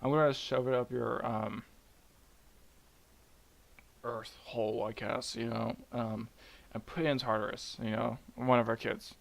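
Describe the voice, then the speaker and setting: A man's voice: mid-range voice, flat delivery, a little slow, gravelly, long pauses. A man voicing an arrogant male sky god father in a casual myth retelling, speaking boastfully and dismissively. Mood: scornful.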